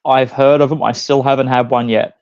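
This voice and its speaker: A man's voice: medium pitch, flat delivery, brisk, a little mellow, clean tone. A man answers interview questions in an easygoing, laid-back way. His voice sits in a middle range, and the sound is dull and lo-fi. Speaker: guest. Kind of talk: casual interview.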